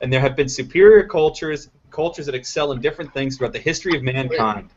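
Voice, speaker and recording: Hosting a live political panel show, a man with a medium-pitched voice talks quickly, sounding opinionated, emphatic and rambling. The audio is lo-fi web stream quality.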